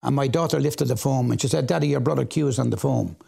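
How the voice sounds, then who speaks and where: A man's voice: medium pitch, quick pace, vocal fry, noisy background. An Irish man telling his life story in an interview, plain-spoken and rambling, often repeating himself. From Ireland.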